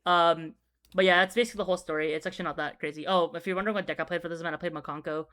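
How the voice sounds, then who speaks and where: A young man tells a story in a loose, rambling way, swearing freely and tripping over his own words. He drifts between quiet muttering and loud, excited bursts. It sounds like a casual talk recorded at a desk while he draws. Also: on the high side, rapid-fire, clean tone. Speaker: video creator.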